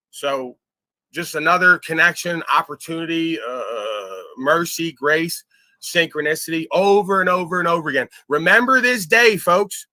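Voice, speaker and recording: A man hosting a livestream, ranting in a profane, boastful way that jumps between loud outbursts and low muttering. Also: no echo. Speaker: livestream host.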